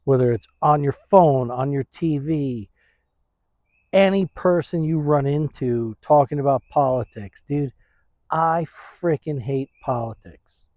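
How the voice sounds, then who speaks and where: A man vlogging casually outdoors in his backyard, talking slowly into a phone on a stand, rambling and laid-back, saying "man" and "dude" a lot. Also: medium pitch, darkish tone, dry recording, clean studio sound. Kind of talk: casual vlog chat.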